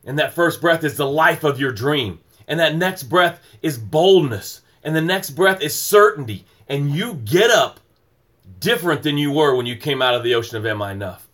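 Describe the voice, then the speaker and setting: A man's voice: fairly high pitch, expressive, moderate pace, a bit bright. A middle-aged man hosting a motivational morning livestream, speaking in an emphatic, rhythmic preaching cadence and greeting viewers by name.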